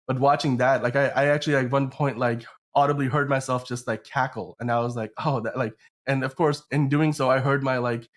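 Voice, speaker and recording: A man's voice: mid-range voice, fairly even intonation, fairly quick, hardly any pauses. A man hosting a podcast in a casual chat, rambling with lots of fillers and restarts while sounding sick. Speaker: podcast host.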